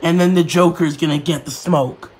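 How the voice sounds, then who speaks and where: A man's voice: a little high, fairly even intonation, normal speed, darkish tone, pitched below the performer's own voice, natural voice. A man voicing a short, hot-headed young male fighter who boasts angrily. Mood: angry boastful. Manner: angry, boastful trash talk.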